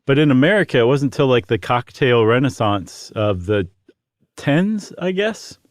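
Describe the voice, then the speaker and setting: A man co-hosts a podcast, chatting casually and explaining things with lots of fillers. His medium-pitched voice is animated and moves at normal speed. The sound is clean studio quality with no room sound.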